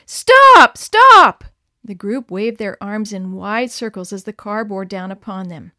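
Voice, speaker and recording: A woman's voice: medium pitch, steady tone, normal speed, no echo. Woman reading a story aloud, dry. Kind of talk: scripted narration.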